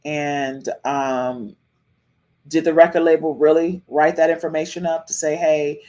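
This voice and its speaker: A woman hosting a live-stream podcast in casual chat, animated and sassy, repeating herself often. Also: sits low, measured pace. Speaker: podcast host.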